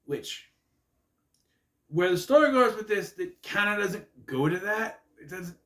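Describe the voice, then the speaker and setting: A man's voice: sits high, animated, unhurried, fairly bright tone. A man rambling through a casual, jokey recap monologue with asides. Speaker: wrestling recap vlogger. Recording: echoey room.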